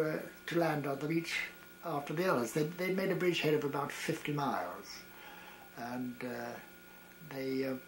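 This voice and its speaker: A man in his eighties, a retired variety performer, reminiscing about wartime in a halting way, with frequent restarts and chuckles. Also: fairly high pitch, a little hiss or hum, rough recording. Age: 80s. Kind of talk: reminiscing storytelling.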